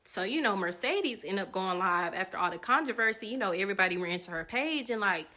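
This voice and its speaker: A woman's voice: medium pitch, expressive, a little fast, sharp tone. A woman hosting a commentary channel, recapping drama in a chatty, casual way and addressing viewers directly.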